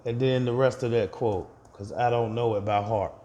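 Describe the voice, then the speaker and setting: Male vlogger, relaxed and chatty, mid-range voice, speaks to the audience like friends. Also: mid-range voice, normal speed, dull audio. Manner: chatty, addresses viewers directly, laughs at own slips. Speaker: investing vlogger. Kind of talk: casual portfolio update.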